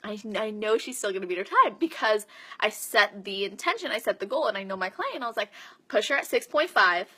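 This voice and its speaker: Bright-voiced chatty young woman. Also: medium pitch, a little fast, husky. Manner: chatty, animated retelling with quoted dialogue. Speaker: personal trainer. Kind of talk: casual storytelling to camera.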